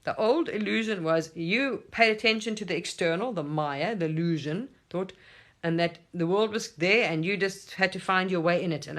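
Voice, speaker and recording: At home, a spiritual teacher talks casually to camera in a medium-pitched voice at a moderate pace. He's animated, swearing and laughing often.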